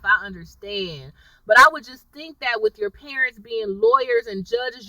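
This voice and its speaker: A woman tells her viewers what happened in an episode, animated and chatty. Her voice sits high and sounds very bright and sharp. She is a little distant from the mic in a dry room. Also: no echo. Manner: animated, chatty storytelling, addresses viewers directly. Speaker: TV episode reviewer. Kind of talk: casual episode recap to viewers.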